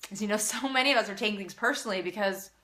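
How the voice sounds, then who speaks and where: Bright-voiced woman coaching parents. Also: medium pitch, rapid-fire. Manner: earnest, encouraging, with many restarts. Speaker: parenting coach hosting a live Q&A. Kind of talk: casual live-stream Q&A talk.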